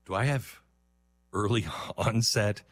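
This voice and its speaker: A man's voice: on the low side, takes it slowly, no room sound. A middle-aged man hosting a talk radio show, rambling and self-mocking as he reads ads and riffs on the news. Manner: rambling, self-mocking, jumps between mock voices. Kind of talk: talk radio monologue and host-read ads.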